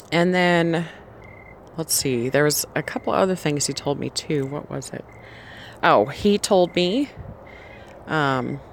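Slow-talking earnest woman telling her story. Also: low-pitched, slight background noise. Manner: earnest, rambling with restarts. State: pregnant. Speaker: vlogger. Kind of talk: personal faith testimony.

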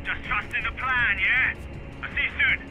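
An actor playing a calm male ally in a video game, reassuring and giving directions. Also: very high voice, moderate pace, faint music behind, heavily acted, low-quality recording. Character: calm male ally guiding the trapped hero. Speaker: game character giving orders over radio.

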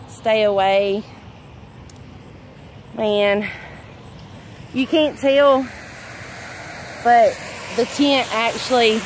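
Slow-talking Southern woman on a windy livestream. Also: mid-range voice, low-quality recording. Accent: Southern US (Arkansas). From Arkansas, USA. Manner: chatty, affectionate, reads comments aloud, frequent laughs. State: a little out of breath. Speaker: livestream host. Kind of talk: casual livestream chat. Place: outdoors at a fireworks tent after a storm. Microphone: phone held at arm's length.

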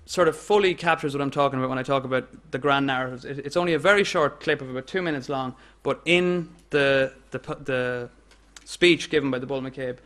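Irish guy lecturing, mid pitch, stops and restarts a lot. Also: fairly bright tone. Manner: measured, with frequent fillers and restarts. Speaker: guest lecturer. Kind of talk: academic lecture.

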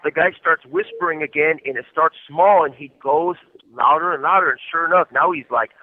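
A man tells a story over a collect call from prison in a casual, meandering way. His speech is loose and full of fillers, broken by small laughs. His voice sits slightly high and comes through a narrow, tinny phone line. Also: fairly quick, no room sound. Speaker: caller from prison. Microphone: prison phone handset.

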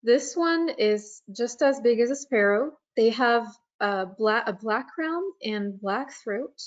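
A woman on the staff of a nature preserve giving a webinar presentation, talking slowly with frequent fillers and pauses. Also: on the high side, animated, lo-fi sound. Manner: slow, hesitant, many fillers.

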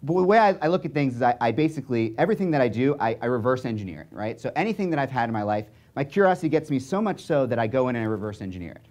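A young man speaking to an audience, telling a story in an animated way and checking in often with "right?" and "okay?". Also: mid-range voice, very fast, hardly any pauses.

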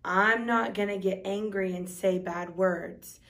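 A woman teaching a preschool Sunday school class, speaking slowly with exaggerated, sing-song emphasis for small children. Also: mid-range voice, steady tone, fairly bright tone, recorded from a distance.

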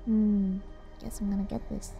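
A young woman streaming a game, chatting casually, excitable and giggly, often bursting into squeals. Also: medium pitch, normal speed, vocal fry, faint music behind. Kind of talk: casual gameplay chat.

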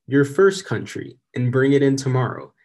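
A man's voice: mid-range voice, expressive, moderate pace, darkish tone, lightly acted. A young man reading the part of a kind, encouraging female teacher in a storybook.

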